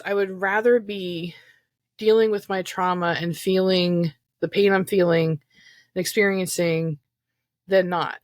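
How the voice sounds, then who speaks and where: Over a remote call, a woman with a mid-range voice co-hosts a casual podcast on recovering from trauma. She rambles reflectively with plenty of fillers, and there's no echo.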